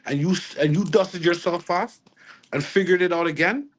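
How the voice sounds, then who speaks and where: A man's voice: sits high, normal speed. Man telling a rambling story. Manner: rambling with restarts and Jamaican slang. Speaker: reggae artist guest. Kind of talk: casual interview storytelling.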